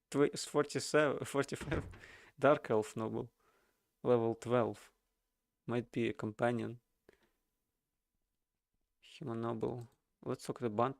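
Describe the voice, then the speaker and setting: A man's voice: medium pitch, vocal fry, dry recording, clean studio sound. A man streaming a game, casually thinking aloud and reading its dialogue with chuckles.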